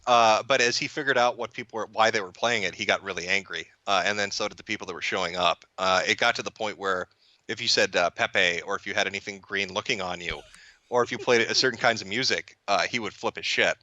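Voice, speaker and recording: Low-ish bright voiced guy in a casual chat, swears a lot, keeps restarting sentences, dry close sound. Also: fast talker, dry recording, lo-fi sound. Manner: profane, rambling, stammers on restarts; amused, laughs while talking. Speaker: guest.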